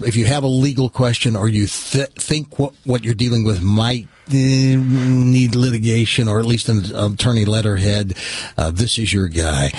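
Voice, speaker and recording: A male radio host in his studio, telling stories with a wry, teasing, deadpan manner and doing live reads. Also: medium pitch, slightly rough, no echo.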